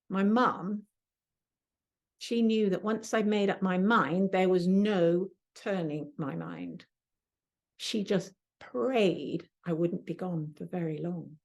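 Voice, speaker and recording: A middle-aged woman, an astrology teacher, telling a personal story with vivid sensory detail and soft asides. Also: on the low side, slow, creaky.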